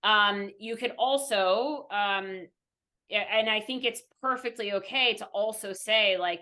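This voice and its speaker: On a podcast interview, a young adult woman who works as a mindfulness coach explains things earnestly, her medium-pitched voice bright and forceful at a measured pace. She tacks "right?" onto nearly every point, giving her a teacherly manner.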